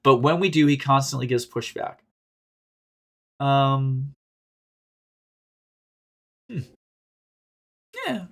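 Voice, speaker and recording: A man's voice: mid-range voice, extremely slow, pauses often. Rambling, swearing man hosting a podcast. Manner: candid and rambling, swears freely, laughs often; animated, jumps between loud bursts and quiet asides. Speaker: podcast host reading and answering reader stories. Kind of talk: casual commentary podcast.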